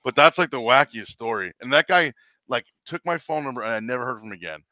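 Male driver retelling a wild ride, rambling, bright and dry, slightly dull lo-fi sound. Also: medium pitch, expressive, fast, dry recording. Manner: rambling, repeats words and quotes people. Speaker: rideshare driver telling a story. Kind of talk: casual storytelling chat.

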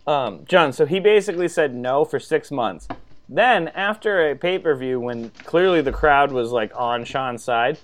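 A man co-hosting a casual podcast, animated and swearing freely. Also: medium pitch, unhurried. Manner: animated, swearing, acts out quotes. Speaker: podcast co-host. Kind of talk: casual chat.

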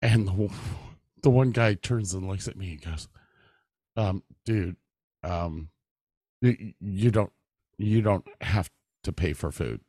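Man, podcast host, lowish voice, dry studio sound, laughing storyteller. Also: slow pace, long pauses, warm tone, no room sound. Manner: laughing storyteller, swears freely, acts out voices in anecdotes. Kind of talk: casual chat. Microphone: studio mic.

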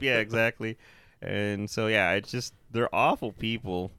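A man's voice: lowish voice, measured pace, sharp tone, smooth, no room sound, clean studio sound. A man co-hosting a podcast, chatting casually and animatedly about a film, laughing often and swearing. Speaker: podcast co-host. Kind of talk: casual movie review chat.

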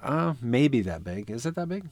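A man's voice: mid-range voice, very animated, moderate pace, no room sound, clean studio sound. A man co-hosting a casual podcast, joking and rambling with many restarts. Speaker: podcast co-host. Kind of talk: casual chat.

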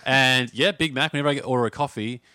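A man's voice: mid-range voice, sharp tone, clean tone, no echo, clean studio sound. Playful Australian man in chat. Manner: playful, quick-witted. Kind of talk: casual chat.

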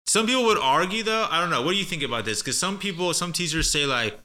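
Male guest teacher with a piercing, bright voice, relaxed and conversational, drills phrases by repetition. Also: on the high side. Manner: chatty, demonstrates phrases slowly and repeats them. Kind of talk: casual spoken lesson.

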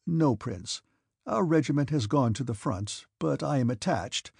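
A man's voice: mid-range voice, animated, measured pace, gravelly, a little mellow, husky, no echo, clean studio sound, exaggerated voice. A man voicing a cocky young nobleman with a flippant, amused manner.

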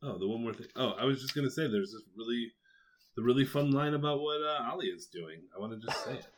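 A man's voice: mid-range voice, lively intonation, fast talker, a little hiss or hum. A man joining a casual podcast chat about a book, wry and joking as he acts out lines.

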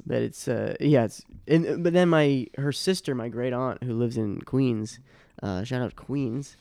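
A man's voice: medium pitch, a little slow, vocal fry, warm tone, no echo, clean studio sound. A young man from Boston hosting a casual podcast chat, rambling and laughing often. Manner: loose, laughing, rambling with many fillers. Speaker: podcast host.

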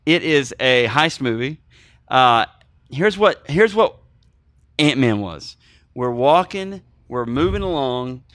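A man co-hosting a movie podcast, chatting in an animated, joking, rambling way. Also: mid-range voice, slow, dry recording, clean studio sound. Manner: animated, jokey, rambling with food analogies. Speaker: podcast co-host. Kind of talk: casual movie podcast chat.

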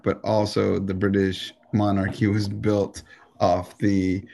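Lower-pitched American man ranting profanely. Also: creaky. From United States. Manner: animated, profane ranting with frequent restarts. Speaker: podcast co-host. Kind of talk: casual podcast chat.

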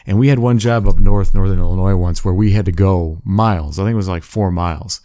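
A man telling rough work stories in casual chat, animated and swearing freely. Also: low voice, a little fast, no echo, clean studio sound.

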